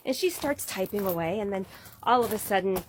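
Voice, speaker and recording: A woman in her fifties tells a personal story straight to the camera. She speaks in a middle-pitched voice and rushes through some stretches. She acts out the people in her story as she goes. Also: background noise. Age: 50s. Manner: animated, chatty storyteller who acts out quoted voices.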